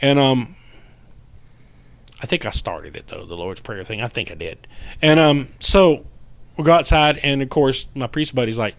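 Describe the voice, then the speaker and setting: A man, a paranormal investigator guest telling a story in casual podcast chat, animated and profane, acting out what people said. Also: medium pitch, moderate pace, creaky, long pauses, no room sound.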